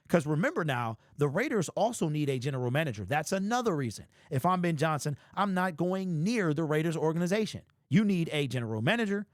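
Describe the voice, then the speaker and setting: A man talks sports in a loose, animated monologue, addressing his viewers directly and hammering his points with repetition. His voice sits somewhat high for a man, and the recording is dry and close with almost no room sound. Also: dry recording. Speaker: sports commentary channel host. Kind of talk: casual football commentary monologue.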